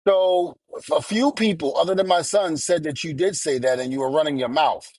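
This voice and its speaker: A man's voice: fairly high pitch, normal speed, darkish tone, dry recording. A middle-aged man telling a story in a heated rant as a podcast co-host, blunt and cursing, acting out what others said. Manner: angry, blunt, curses, quotes people.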